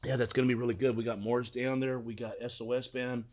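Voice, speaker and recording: Brief: quick-talking middle-aged man, agent in a loose chat, lively storyteller who cusses a lot. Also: medium pitch. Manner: fast, animated storyteller, swears freely. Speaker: music agent. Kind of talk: casual interview chat.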